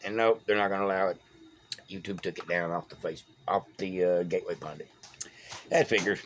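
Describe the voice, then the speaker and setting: Man, Texan accent, low-pitched, rambling folksy commentary, dull phone recording. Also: fairly even intonation, a little fast, a little hiss or hum. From Texas. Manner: rambling, folksy, stumbles over names. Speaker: political vlogger. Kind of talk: casual solo commentary.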